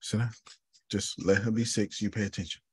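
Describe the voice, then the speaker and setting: A man with a low, husky voice leads a group session over a video call. He teaches bluntly and jokes as he calls on people by name. The sound is close and dry. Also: flat delivery, brisk, darkish tone, dry recording. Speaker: teacher and coach.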